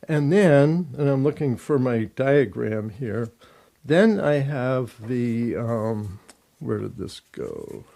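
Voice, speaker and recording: An older man, a therapist and author, giving measured, explanatory answers in an interview, thinking aloud as he goes. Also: mid-range voice, lively intonation, gravelly, warm tone.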